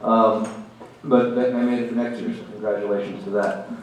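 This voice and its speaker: Middle-aged man, halting speech in a very echoey hall. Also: lowish voice, steady tone, darkish tone, a little hiss or hum. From Oklahoma. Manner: halting, many restarts and repeated words; self-deprecating humor. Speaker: hall of fame inductee. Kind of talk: acceptance speech. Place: banquet hall. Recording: very echoey hall, heard from a distance.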